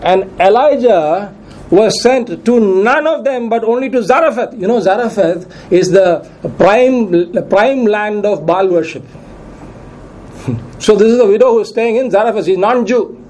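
A man's voice: high voice, expressive, measured pace, a little mellow, poor audio. A man preaching a sermon who reads scripture aloud, cites verses and repeats questions to his congregation for emphasis.

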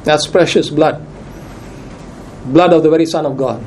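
A man's voice: a little high, normal speed, darkish tone, a little hiss or hum, rough recording. A man preaching a sermon who reads scripture aloud, cites verses and repeats questions to his congregation for emphasis.

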